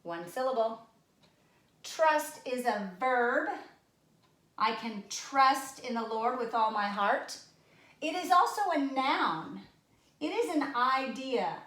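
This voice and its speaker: This teacher's voice sits a little high but swings widely in pitch as she guides kids through spelling with guessing games about ordinary objects. She goes slowly, pausing often, with a bright, forceful tone, patient and playful, her words echoing around the room.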